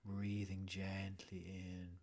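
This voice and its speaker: A soft-spoken man leads a breathing exercise and then talks as a guest. His voice is low and flat in tone. He takes his time over every word, in a calm, half-whispered way. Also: takes it slowly. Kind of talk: guided breathing meditation and chat.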